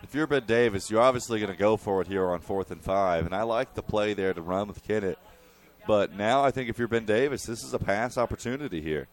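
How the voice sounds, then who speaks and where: A young man giving color commentary on a high school football game, explaining play calls like a coach. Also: brisk.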